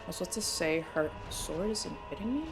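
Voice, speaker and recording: A young woman streaming a game live, reacting excitably and laughing often as she plays. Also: on the low side, fairly quick, vocal fry, over music. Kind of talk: live gameplay commentary.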